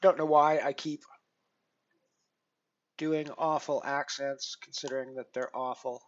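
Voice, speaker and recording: A man's voice: mid-range voice, flat delivery, unhurried, highs cut off. A man hosting a poker live stream in casual chat, rambling with many fillers and restarts and poking fun at himself. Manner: self-deprecating.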